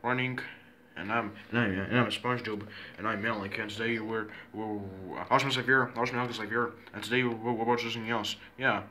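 A man's voice: lowish voice, fairly even intonation, brisk, bright, forceful tone, a little hiss or hum. A man recording himself in playful pretend play, rambling and repetitive, with many restarts.

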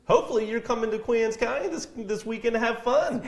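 A man's voice: very high voice, fairly quick, vocal fry, few pauses. A man co-hosting a local TV live show, chatting casually and teasing his co-hosts, recorded in an echoey room. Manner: joking, animated, teasing. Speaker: co-host of a county TV live show.

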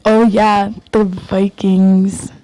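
A woman's voice: medium pitch, little pitch movement, extremely slow, warm tone. A young woman co-hosting a student broadcast, chatty and agreeable. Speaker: student co-host.

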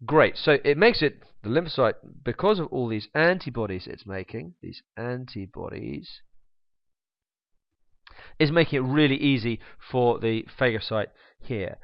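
A man's voice: medium pitch, lively intonation, a little slow, no echo. A man teaching biology while drawing, chatty, with joking asides and humming as he sketches. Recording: dull, slightly lo-fi dry recording.

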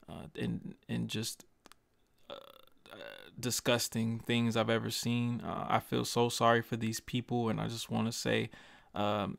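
A man's voice: lowish voice, gravelly, no room sound. A young man giving his earnest, passionate views in a commentary vlog, stumbling and restarting often and swearing casually. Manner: earnest, halting, frequent restarts and stutters. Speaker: YouTuber. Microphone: desk microphone.

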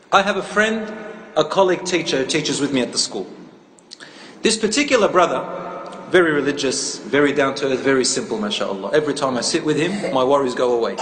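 A man's voice: medium pitch, a bit bright. A man giving an interactive Islamic lecture, telling a story and questioning the audience, mixing in Arabic phrases. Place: lecture hall with live audience. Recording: echoey hall, faint ambient noise.

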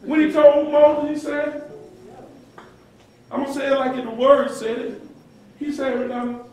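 A man preaching a sermon as pastor, with call-and-response and sudden dramatic shouts, recorded in a church. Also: very high-pitched, level tone, unhurried. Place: church sanctuary. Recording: echoey church hall from far off.

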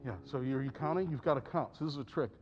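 A man's voice: mid-range voice, fast talker. A man coaching a piano student in a masterclass, encouraging and hands-on, breaking into sung phrases and counted beats. His voice sits in a middle range. The recording is a little dull, with piano sounding behind him. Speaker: piano teacher giving a masterclass. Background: piano playing.

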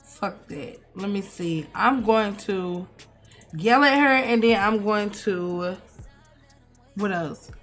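A young woman, giving animated, swearing, mock-outraged commentary as she plays a life-sim game. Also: medium pitch, slow, pauses often, soft background music. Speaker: gaming streamer. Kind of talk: casual gameplay commentary.

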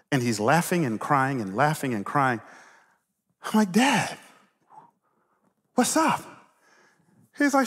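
A middle-aged man preaching a sermon as pastor, telling stories with animated swings from loud to hushed. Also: medium pitch. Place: church sanctuary. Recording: long reverb of a large hall.

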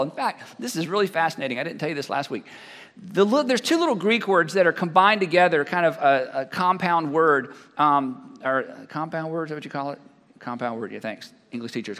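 A man preaching an animated sermon as pastor, acting out both sides of imagined conversations. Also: high-pitched, long reverb tail. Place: large church hall.

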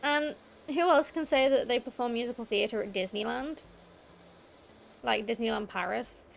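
A woman's voice: on the high side, moderate pace, vocal fry, a little hiss or hum. A young British woman streaming a game, rambling through school stories in a chatty way, full of "like" fillers. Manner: rambling storytelling with many "like" fillers. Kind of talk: casual chat while gaming.

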